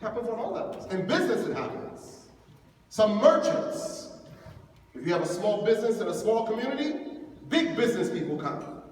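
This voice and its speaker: High-voiced man lecturing in an echoey hall. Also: normal speed. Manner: animated, acts out quoted voices. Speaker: imam giving a youth lecture. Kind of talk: lively motivational lecture. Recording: echoey hall from far off, faint noise.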